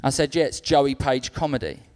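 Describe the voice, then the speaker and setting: A young man doing a stand-up comedy set on a club stage, telling stories deadpan and acting out other people's lines. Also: medium pitch. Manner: acts out others' lines in quick-switching voices.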